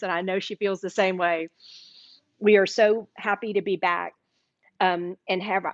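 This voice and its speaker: A woman's voice: mid-range voice, dry recording. Middle-aged Southern woman, cooking host, chatty and upbeat, dry dull livestream sound. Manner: chatty, enthusiastic, talks while eating. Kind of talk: live cooking demo chat.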